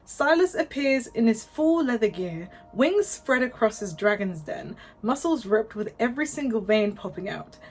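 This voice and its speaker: A woman's voice: on the high side, big pitch swings, normal speed, few pauses, soft background music. A woman hosting her channel, reading fanfiction aloud casually and often breaking into laughter. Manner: giggly, keeps breaking into laughter.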